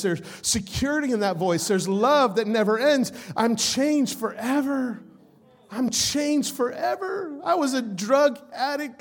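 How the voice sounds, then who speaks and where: High-voiced pastor preaching with shouted fervor. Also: male voice. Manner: swings from hushed storytelling to shouted, sing-song preaching; casual slang, "man" and "like". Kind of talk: Easter sermon.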